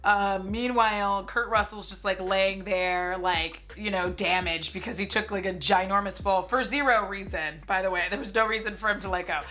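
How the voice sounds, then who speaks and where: A woman's voice: mid-range voice, normal speed, few pauses, bright, forceful tone, slight background noise. A woman in her forties giving a casual, sarcastic movie recap, with lots of "like" and some swearing. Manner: chatty and sarcastic, heavy use of "like", swears freely. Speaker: movie commentary streamer.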